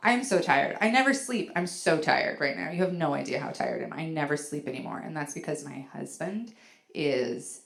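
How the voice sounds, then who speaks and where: A woman's voice: low-pitched, lively intonation, moderate pace, vocal fry. A middle-aged woman performing a stand-up comedy set on a venue stage, telling rambling stories with lots of fillers and acting out other people's voices. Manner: chatty, filler-heavy storytelling with big acted-out voices.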